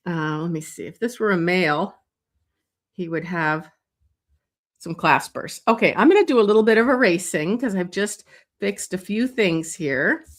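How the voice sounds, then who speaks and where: A woman leading a live drawing lesson, talking slowly and thinking aloud as she sketches, with many pauses and fillers. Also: lowish voice, lively intonation. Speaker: drawing instructor. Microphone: streaming setup.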